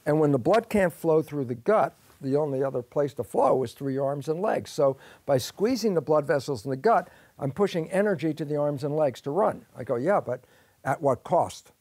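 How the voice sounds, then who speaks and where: A man in an interview explains biology in a lively way, acting out both sides of the questions and answers himself. His voice sits a little high for a man. The sound is dry and close, with no room echo. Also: normal speed. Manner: lively, acts out both sides of imagined dialogues. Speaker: guest scientist.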